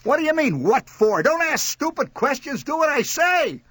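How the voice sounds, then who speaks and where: A man doing a bossy, yelling mother. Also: fairly high pitch, huge pitch swings, moderate pace, slightly rough, dry recording, voice pushed up, heavily acted. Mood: frantic. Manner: sharp, commanding yells. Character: bossy, frantic middle-aged mother. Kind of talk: storytelling.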